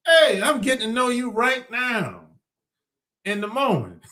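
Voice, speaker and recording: High-voiced blunt man chuckling. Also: bright, forceful tone. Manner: blunt, laughs often between lines; slangy and rambling. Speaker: podcast host. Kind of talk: casual monologue.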